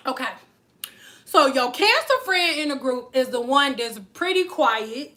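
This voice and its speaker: Bright, high-voiced woman chatting frankly. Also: takes it slowly. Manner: frank, profane and animated, acting out quoted people. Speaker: hair care vlogger. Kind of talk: casual chat to camera.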